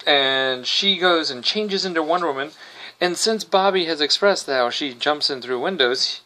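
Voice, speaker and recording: A man's voice: a little high, bright, forceful tone. A man hosting a podcast, recapping an episode in casual chat with wry, sarcastic asides. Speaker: podcast host.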